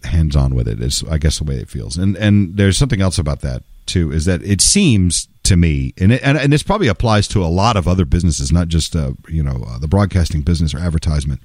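A man's voice: low-pitched, animated, quick pace, hardly any pauses, darkish tone, no echo, clean studio sound. A male voice-over artist telling a casual story in a wry, conversational way, with some salty language.

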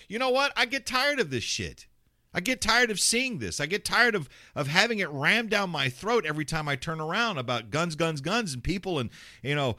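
Male talk radio host, blunt and profane, lively swooping pitch, dry close sound. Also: moderate pace, no room sound. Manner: mocks callers in put-on voices. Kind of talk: ranting talk radio monologue.

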